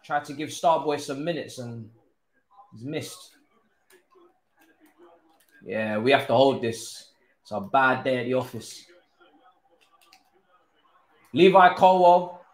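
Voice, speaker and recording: A young man, commentating his own football game live, groaning, swearing and now and then cheering loudly. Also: mid-range voice, takes it slowly, pauses often, roomy sound. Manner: exasperated, groaning and swearing, swinging to loud cheers. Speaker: gaming streamer.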